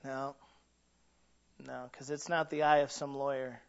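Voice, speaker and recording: A male pastor delivering a sermon, dropping to hushed low lines and building to loud peaks, acting out quoted voices as he tells stories. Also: flat delivery, a little slow, creaky. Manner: acts out quoted voices in storytelling. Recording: dull lo-fi recording.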